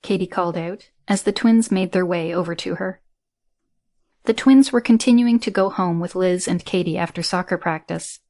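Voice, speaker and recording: A woman narrating a science fiction audiobook in a measured, even manner. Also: on the low side.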